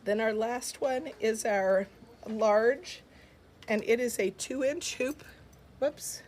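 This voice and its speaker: A woman's voice: fairly high pitch, takes it slowly, noisy background. A woman hosting a live jewelry sale from her shop, chatting in an upbeat way and answering viewer comments. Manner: chatty and upbeat, with frequent fillers and laughs. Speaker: host of a live jewelry shopping stream.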